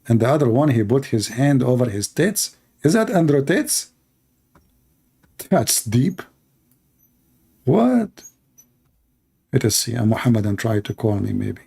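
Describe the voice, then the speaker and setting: A man's voice: mid-range voice, very animated, a little slow, vocal fry, pauses often, warm tone, breathy edge. A man hosting a live call-in debate show in slightly broken English, mocking and taunting his callers.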